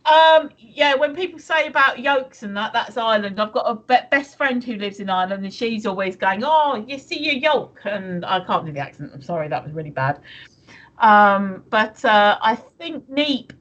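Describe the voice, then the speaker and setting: A woman's voice: medium pitch, animated, normal speed, a bit bright, muffled recording. A woman from the UK co-hosting a live stream, chatting casually and rambling with many restarts. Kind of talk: casual chat reading viewer comments.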